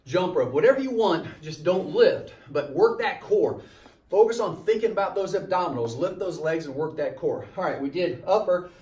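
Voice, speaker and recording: A man's voice: a little high, darkish tone. A man coaching a circuit workout while doing the exercises, a little winded, giving repeated cues on form and timing. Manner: coaching, repetitive cues, demonstrating as he talks. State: slightly winded. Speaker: fitness trainer. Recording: echoey room from a distance.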